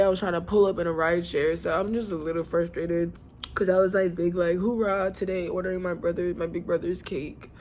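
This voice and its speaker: A young woman talks straight to her camera at home, rambling and venting in relaxed slang. Her voice has a gravelly, creaky texture. Faint background noise sits under the talk. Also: on the low side. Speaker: vlogger. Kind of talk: casual vlog chat.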